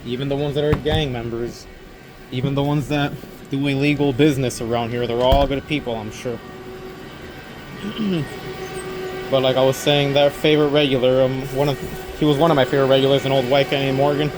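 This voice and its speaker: A man's voice: medium pitch, steady tone, brisk, long pauses. A young man working an overnight store shift, talking casually to camera in a rambling, earnest way that repeats itself. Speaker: overnight convenience store clerk.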